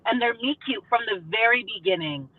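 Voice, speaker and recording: Animated woman over a tinny call line. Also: fairly high pitch, a little fast, no echo. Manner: animated, acts out quotes from the book. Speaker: book club co-host. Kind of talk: casual chat. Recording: tinny phone-like call audio.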